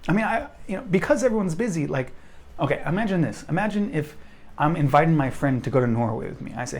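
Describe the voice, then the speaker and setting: Blunt young man, gravelly. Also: a little high, animated, fast talker, a little mellow. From United States. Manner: blunt, frank, self-deprecating. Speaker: vlogger. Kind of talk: casual direct-to-camera rant.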